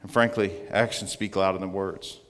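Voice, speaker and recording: A man giving an earnest testimony as a guest speaker in church, slowing down to stress his points. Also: low-pitched, fairly even intonation, a bit bright. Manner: earnest storytelling, slowing for emphasis. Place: church sanctuary. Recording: long church reverb.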